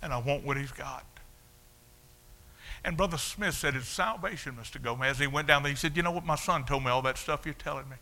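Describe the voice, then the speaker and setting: A man, preaching a sermon as a story of his own life, dropping low and then shouting out the punch lines. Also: a little fast, creaky. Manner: storytelling, swings from hushed to shouting. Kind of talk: sermon testimony.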